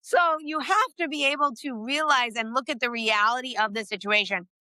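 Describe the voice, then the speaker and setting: A woman talks as a guest on a podcast, animated and quick, scattering her sentences with fillers. Her voice is fairly high and bright, with a dry, close sound. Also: dry recording. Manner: animated and fast-talking, fillers like "like". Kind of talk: casual conversation.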